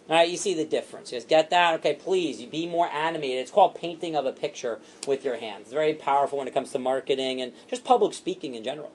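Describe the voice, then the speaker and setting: A man training a sales team, animated and repetitive, acting out what to say to customers. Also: a little high, slight background noise. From Italian heritage. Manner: animated, fast and repetitive, acts out customer lines.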